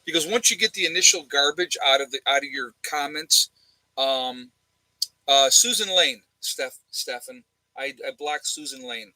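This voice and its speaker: Streaming from home in a room with a fan, a channel host chats casually, rambling bluntly and sarcastically with lots of uhs and ums. His voice is a little high with a sharp tone at normal speed, captured in a dry but rough recording.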